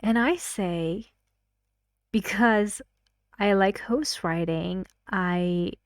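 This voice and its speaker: Woman English teacher, young adult, unhurried and careful, models the stress in example lines; close, dry sound. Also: medium pitch, no room sound. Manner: slow, careful explaining, acts out stressed words in example sentences. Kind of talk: recorded lesson explanation.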